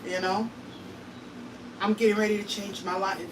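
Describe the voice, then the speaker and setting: A woman's voice: medium pitch, level tone, moderate pace, recorded from a distance, background noise. A woman vlogging casually from her home kitchen, talking straight to her viewers in a tired, emotional way. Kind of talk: casual vlog talk to viewers.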